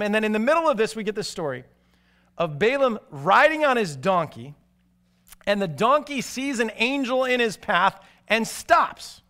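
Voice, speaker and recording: High-pitched guy preaching, really animated storyteller, gets quiet and serious at times. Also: moderate pace. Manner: animated storytelling, shifting from excited to hushed and grave. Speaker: pastor. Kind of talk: sermon.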